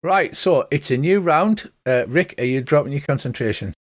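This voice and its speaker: A man's voice: on the high side, animated, moderate pace, dry recording. Male game master, chatty, dry close sound. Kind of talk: narrating a tabletop game.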